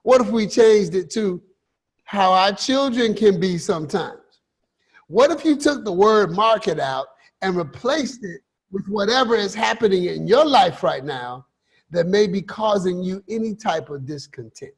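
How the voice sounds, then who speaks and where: A man giving a motivational talk as a coach, emphatic, with repeated rhetorical questions and slow stressed phrases. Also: sits high, lively intonation, husky. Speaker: finance and life coach host.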